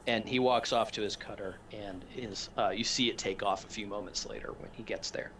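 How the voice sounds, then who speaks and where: A man's voice: lowish voice, fairly even intonation, brisk, hardly any pauses, fairly bright tone, slight background noise. A man narrating as game master of a tabletop role-playing game, with frequent fillers and restarts. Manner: hesitant with many fillers and restarts.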